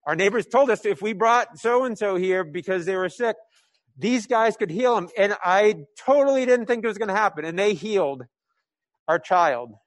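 A man's voice: high-pitched, expressive, moderate pace, no room sound, voice pushed up. A man playing a stunned, overjoyed villager who has just been healed. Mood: amazed.

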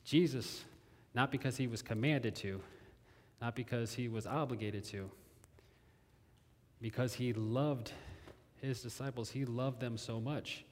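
Male pastor, mid pitch, chatty sermon delivery with repeated phrases, long hall echo. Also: steady tone, a little slow, pauses often. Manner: conversational, repeats phrases, asks the audience questions.

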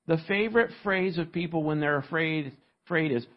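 A man preaching a sermon as pastor, teaching from an outline and asking his listeners to fill in the blanks, with emphatic, animated delivery. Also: a little high, normal speed, lo-fi sound.

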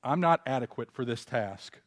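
A preacher with a ringing hall echo. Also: male voice, animated, moderate pace. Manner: builds to loud emphatic exhortation, then drops low; conversational asides and self-corrections. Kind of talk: expository sermon.

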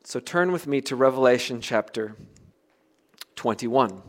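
A middle-aged man from the United States preaching a sermon, earnest and emphatic, with soft dropped asides. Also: mid-range voice, expressive, unhurried. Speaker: pastor.

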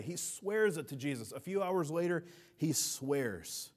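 A middle-aged man preaching a sermon as a pastor, earnest, building to emphatic peaks and dropping soft. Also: a little high, expressive, unhurried.

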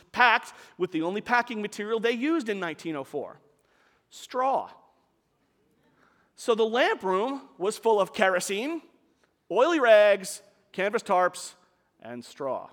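A man's voice: high-pitched, fairly bright tone, long reverb tail. A man preaching a sermon, telling a story in a conversational way with casual asides to the congregation.

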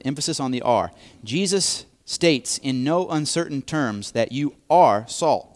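A man preaching a sermon, speaking deliberately and repeating key phrases for emphasis. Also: medium pitch.

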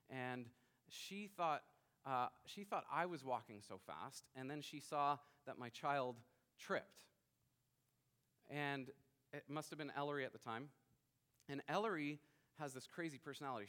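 A man in his thirties preaching a sermon as pastor, emphatic, rising to loud bursts and dropping quiet. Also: a little high.

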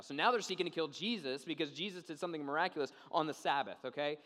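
A young man preaching a sermon, telling a story in a casual, animated way and often checking in with "okay?". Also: fairly high pitch, fast, few pauses. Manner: animated storytelling, acts out quoted voices. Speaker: pastor. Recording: long reverb of a large hall.

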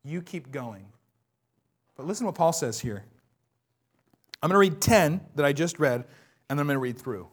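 A pastor delivering a sermon in a high voice for a man. His voice is wearing hoarse, yet he preaches with passion, dropping soft and then rising loud. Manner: impassioned, swings between soft and loud. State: voice going hoarse.

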